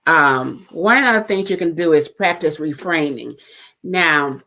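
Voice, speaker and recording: A middle-aged woman hosting an encouraging talk show, speaking gently and pausing with fillers and restarts. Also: low voice, animated. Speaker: host.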